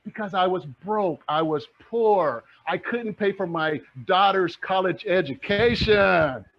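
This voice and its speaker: Fired-up preacher-like man, husky voice. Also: high-pitched, slow pace. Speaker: real estate investor and mentor. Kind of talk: motivational presentation. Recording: muffled lo-fi audio.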